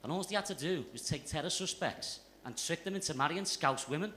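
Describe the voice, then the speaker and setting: A man's voice: a little high, animated, brisk, bright, forceful tone, a little hiss or hum. A young man with a Liverpool accent doing a stand-up set on a comedy club stage, brash and sweary in his storytelling. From Liverpool area, England. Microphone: stage mic.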